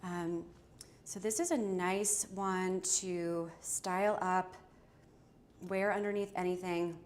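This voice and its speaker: A woman hosts a casual live fashion try-on from her small home studio, talking to viewers directly in a chatty way and often interrupting herself. Her voice is lowish and fairly even in intonation, and she speaks slowly.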